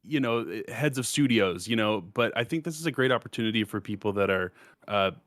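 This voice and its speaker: Hesitant low-voiced man on a podcast. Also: animated, a little fast, a bit bright, no room sound, clean studio sound. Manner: hesitant, many fillers and restarts. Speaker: podcast co-host. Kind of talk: casual podcast chat.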